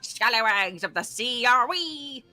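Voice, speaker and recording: A woman voicing a brash pirate brigand, reading game dialogue aloud in a gruff, shouty sea-dog manner. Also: a little high, expressive, unhurried, soft background music, full character voice. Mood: blustering.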